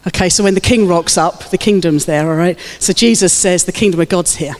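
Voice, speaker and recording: A woman's voice: lowish voice, a little fast. Woman pastor, fervent exhorting sermon, reverberant church hall. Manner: fervent, exhorting, calls out to the congregation.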